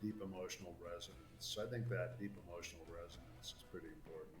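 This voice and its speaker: A man's voice: low-pitched, fairly even intonation, quick pace. A man telling amused stories in an interview. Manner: storytelling, amused. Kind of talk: interview clip. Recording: echoey, far-off mic, faint room noise.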